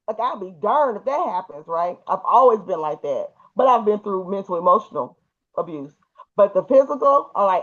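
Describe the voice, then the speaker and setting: A woman telling a personal story in a casual, animated and emphatic way, with colloquial speech. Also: medium pitch, normal speed, highs cut off.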